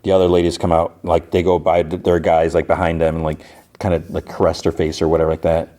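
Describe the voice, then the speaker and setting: Low-voiced man recapping casually. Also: little pitch movement, fast, dark tone. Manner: rambling, lots of "like". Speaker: podcast host.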